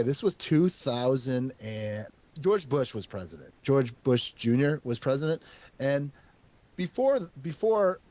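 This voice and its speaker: A man hosting an interview podcast, telling a long personal story in a rambling, animated way, laughing and swearing as he goes. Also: medium pitch. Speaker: podcast host. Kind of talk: casual interview chat.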